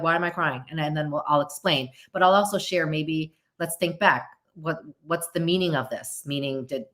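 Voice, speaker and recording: A woman's voice: lowish voice, a bit bright. A middle-aged woman hosting a podcast, chatting casually and answering viewer questions, often breaking off her sentences and laughing. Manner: chatty, self-interrupting, laughs easily. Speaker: podcast host.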